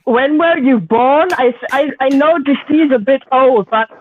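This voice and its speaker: A man's voice: very high-pitched, a little slow. A man from Germany, chatting hesitantly on a live stream with many fillers. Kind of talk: casual live-stream chat. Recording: thin phone-like call audio.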